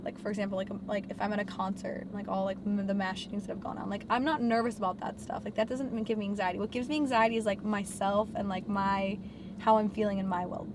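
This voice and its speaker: A woman's voice: medium pitch, steady tone, background noise. A young woman in her twenties, a guest in a casual conversation, rambling with constant "like" fillers and casual swearing. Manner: rambling, fills every pause with "like", swears freely.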